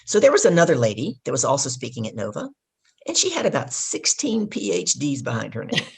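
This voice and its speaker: A middle-aged woman, a guest on an interview podcast, telling stories in a lively way and acting out the dialogue. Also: rumbling low, brisk, vocal fry, slightly rough. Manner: animated storyteller who acts out quoted dialogue. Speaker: guest speaker. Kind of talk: casual storytelling interview.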